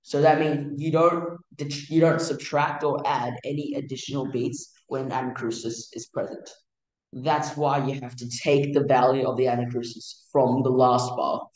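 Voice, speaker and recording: A man teaching music theory in a casual, halting way, with many fillers and restarts. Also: medium pitch, steady tone, roomy sound, rough recording. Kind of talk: casual explanatory lesson.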